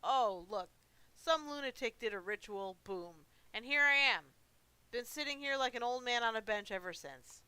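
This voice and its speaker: A woman's voice: fairly high pitch, lively intonation, normal speed, pushed and bright, smooth, dry recording, voice pushed up, poor audio. Woman voicing Svoznik, a chatty old monster. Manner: rambling, self-mocking, talks to himself. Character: chatty forgetful old male monster, lonely.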